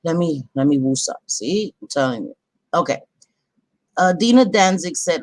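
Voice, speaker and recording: A woman with a low-pitched, slightly mellow voice and lively intonation hosts a casual livestream at a moderate pace. Chatty and easily interrupted, she keeps breaking off to apologize to her viewers, with no room sound.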